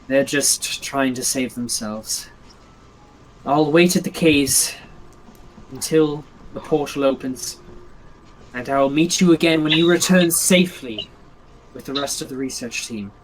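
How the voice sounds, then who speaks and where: A man voicing a nervous young woman researcher, who speaks hesitantly and softly. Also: medium pitch, a little slow, close to an everyday voice, poor audio. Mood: earnest.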